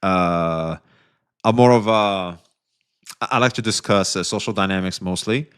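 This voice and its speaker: A man's voice: low voice, a little slow, fairly bright tone, clean tone. A man streaming live, casually reacting to a clip, laid-back, swearing and laughing a lot.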